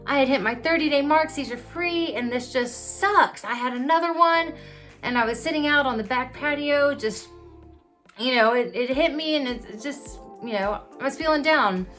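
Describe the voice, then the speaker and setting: A woman's voice: fairly high pitch, fairly bright tone. Woman telling a candid personal story. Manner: open, confessional, conversational with fillers. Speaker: vlogger sharing her epilepsy journey.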